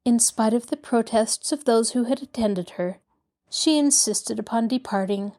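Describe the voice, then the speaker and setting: Female storyteller, slightly high voice, steady audiobook reading. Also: moderate pace. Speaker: audiobook narrator. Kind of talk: scripted narration.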